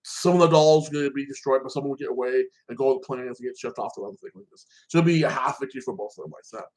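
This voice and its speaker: A man retells a season finale in loose, run-on stretches, circling back with "like that" and dropping swear words along the way. His pitch sits in an ordinary middle range. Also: rapid-fire, darkish tone, rough recording. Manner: rambling, repeats "like that", swears freely. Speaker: show reviewer. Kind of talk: casual TV episode recap.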